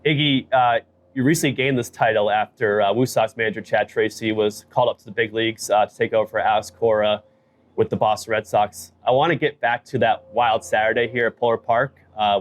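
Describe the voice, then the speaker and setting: A man's voice: lowish voice, steady tone, brisk. A man hosting a sports podcast, introducing his guest with frequent "uh" fillers. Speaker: podcast host, sports reporter. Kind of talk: interview hosting.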